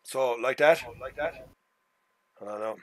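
A man's voice: mid-range voice, takes it slowly. An Irish man chatting casually on a game live stream, rambling, swearing and joking with his mates. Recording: loud game engine noise behind.

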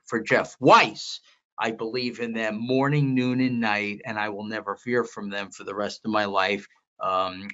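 An older man being interviewed as a veteran market analyst, telling long anecdotes in a rambling, animated way with many restarts. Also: fairly low pitch, lo-fi sound. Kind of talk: storytelling interview.

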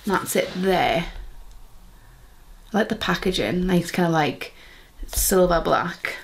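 A woman's voice: fairly low pitch, animated, measured pace, long pauses, slight background noise. A young woman chatting casually while unboxing beauty products, rambling with lots of fillers. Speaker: beauty vlogger.

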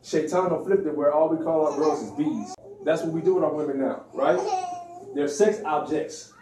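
A man's voice: fairly high pitch, moderate pace, noisy background. A man giving an informal religious lecture in a preachy, slangy way, acting out the voices he quotes. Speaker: religious speaker. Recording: echoey room, distant mic.

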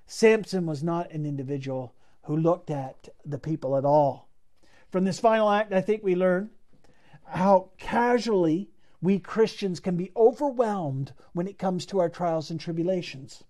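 Guy giving a sermon, warm mellow voice, earnest and emphatic, repeats himself for effect. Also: sits high, unhurried. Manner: earnest, emphatic preaching with frequent repetition. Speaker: preacher.

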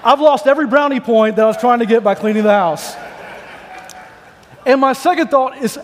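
A man's voice: very high-pitched, fairly quick, background noise. A man preaching a sermon, mixing scripture reading with joking, conversational stories. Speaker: pastor. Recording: long hall reverb.

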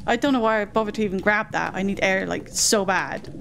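A woman's voice: a little high, normal speed, vocal fry, slight background noise. A woman giving chatty let's play commentary, easily flustered and talking to herself and the game. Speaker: gaming host. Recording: game music under voice. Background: game music.

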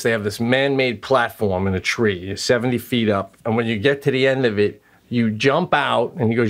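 A middle-aged man, co-hosting a podcast, tells a story fairly quickly in a medium-pitched voice. The chat is casual, and he animatedly acts out each quoted person.

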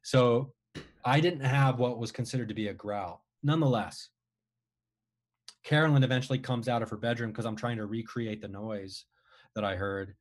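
Male guest, casual rambling storyteller, animated retelling, average pitch. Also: moderate pace.

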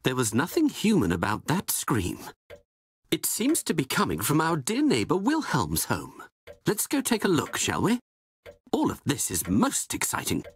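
A man's voice: a little high, huge pitch swings, moderate pace, a little hiss or hum. A man playing a confident, theatrical detective who talks in a grand, lofty, mock-grave way. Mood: intrigued. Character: confident, theatrical male detective, older gentleman. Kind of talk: video game voice acting.

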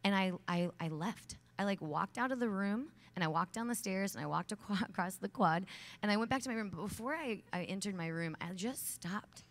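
A woman's voice: mid-range voice, expressive, fairly quick. A woman in her thirties giving a heartfelt, emphatic talk to young women from a conference stage, chatty and full of fillers when telling stories. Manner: chatty storytelling with many fillers. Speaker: conference speaker. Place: large conference hall stage.

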